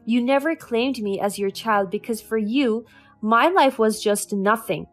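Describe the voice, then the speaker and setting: A woman's voice: a little high, measured pace, soft background music, lightly acted. A woman reading the lines of a resentful grown daughter who speaks in a cutting, accusing way. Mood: cold.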